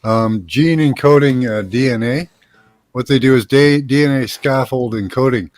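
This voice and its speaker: A man's voice: mid-range voice, moderate pace, darkish tone, no room sound. A man hosting a casual group chat, explaining things at length with lots of fillers and restarts.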